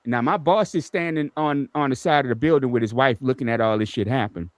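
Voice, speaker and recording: A man's voice: medium pitch, fairly quick, dry recording. A man on a podcast panel, swearing freely and telling a story with lots of energy in casual chat. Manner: profane, animated storytelling.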